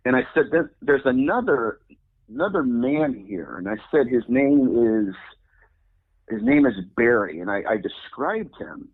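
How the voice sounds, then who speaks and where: Husky man telling a story over a phone-like line. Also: medium pitch, big pitch swings, a little slow. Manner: earnest, recounts events and quotes himself. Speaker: guest, religious demonologist. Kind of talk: casual interview storytelling. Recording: phone-like narrow sound.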